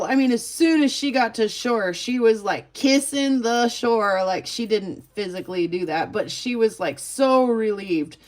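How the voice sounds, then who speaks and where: A woman's voice: a little high, darkish tone. A woman vlogger telling a story casually, rambling and chatty with lots of filler words. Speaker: vlogger and rockhound.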